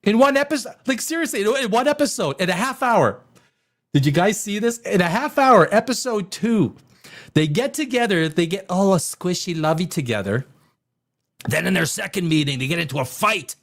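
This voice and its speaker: Man, high voice, swooping pitch, live-stream rant, crass, excitable. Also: normal speed. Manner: excitable, crass, laughs often. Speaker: live show host. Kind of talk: casual ranting live-stream commentary.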